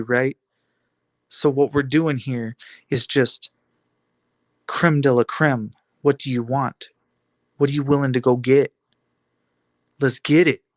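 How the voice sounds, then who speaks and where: A man's voice: fairly high pitch, dry recording. A man giving a defiant, taunting monologue full of rhetorical questions and repeated phrases. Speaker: video blogger.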